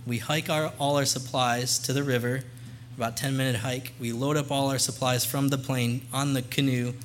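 A man's voice: mid-range voice, little pitch movement, normal speed, slight background noise. A young man speaking as a missionary guest to a church congregation, earnest and conversational, into a microphone. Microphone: handheld or stand mic.

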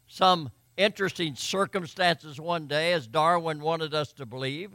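A man's voice: on the high side, gravelly, sharp tone, no echo. A man preaching a sermon as pastor, reading scripture aloud and stressing key words.

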